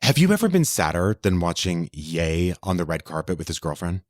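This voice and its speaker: A man's voice: sits low, very animated, fairly quick, no echo, clean studio sound. A man co-hosting a podcast in casual chat, telling stories with campy, dramatic flair. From Texas. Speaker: podcast co-host.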